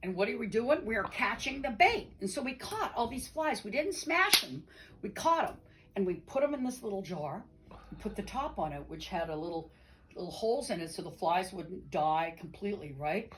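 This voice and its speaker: A middle-aged woman telling a personal story to an audience in an animated, playful way, talking to them directly. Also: mid-range voice, normal speed, a little hiss or hum, poor audio. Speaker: storyteller and singer. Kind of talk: told personal story with sing-along.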